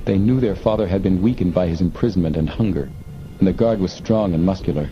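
A man narrating an audiobook in a measured, steady manner. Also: deep voice, dull audio, soft background music. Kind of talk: scripted narration.

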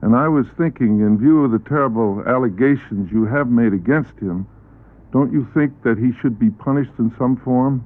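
Formal male interviewer, tinny archive. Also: mid-range voice. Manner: formal, measured questioning. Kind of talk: televised panel interview. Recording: tinny archival broadcast audio.

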